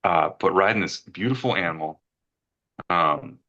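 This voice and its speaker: A middle-aged man with a low, deep voice tells a heartfelt story in an earnest, rambling way. His tone is bright and forceful. He repeats words as emotion catches him, and the recording sounds slightly dull and muffled. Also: normal speed. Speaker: retreat guest giving a testimonial.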